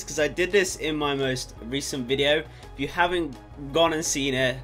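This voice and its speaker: A man's voice: medium pitch, a little fast, faint music behind. Rambling young British guy vlogging. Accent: British English. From Britain. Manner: rambling, excitable, swears casually. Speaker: YouTuber. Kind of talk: casual vlog chat to camera. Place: home room at night.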